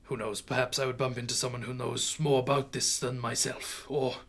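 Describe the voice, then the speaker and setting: A man voicing a frail old man who speaks quietly and haltingly, ashamed and evasive. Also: medium pitch, flat delivery.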